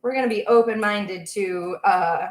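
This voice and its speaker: Chatty and rambling, this young woman hosts a baking livestream in her home kitchen, reading viewer comments aloud as she cooks. Her mid-range voice moves a little slowly, with a roomy echo around it.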